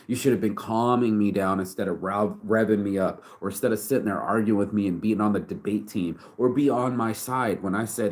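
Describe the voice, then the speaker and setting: A man's voice: lowish voice, brisk, hardly any pauses. A man in his forties giving a raw, emotional vlog monologue full of swearing and stumbling, repeated words. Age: 40s. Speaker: vlogger and shirt brand owner.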